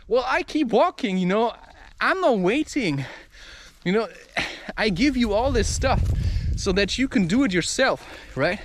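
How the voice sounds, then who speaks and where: A man vlogging outdoors into the camera, talking in an intense, energetic rant. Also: sits high, unhurried, slight background noise. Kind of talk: walking vlog talk to camera. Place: outdoors in a park. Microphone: camera mic.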